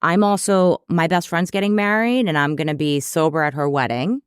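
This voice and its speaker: Woman guest, lively storyteller; smooth, clear voice, dry close mic. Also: sits low, moderate pace, no echo. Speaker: psychotherapist guest. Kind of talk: casual storytelling interview.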